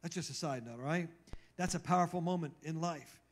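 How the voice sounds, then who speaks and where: A man's voice: a little high, fairly quick. A male pastor preaching a sermon, retelling scripture dramatically and repeating key phrases for emphasis. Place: church.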